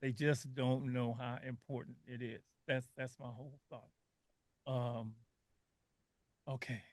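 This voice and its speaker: A man's voice: mid-range voice, flat delivery, slow, darkish tone, dry recording. An older man hosting a radio panel, telling stories with emotion and often repeating his words. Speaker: radio show host. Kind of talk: casual radio panel talk.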